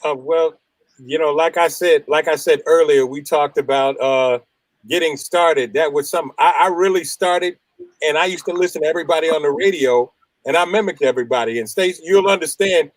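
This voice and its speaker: A man who works as a radio DJ, telling stories in a casual chat as an animated storyteller. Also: on the high side, fairly quick, dry recording, poor audio. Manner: animated storyteller, mimics voices. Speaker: radio DJ guest.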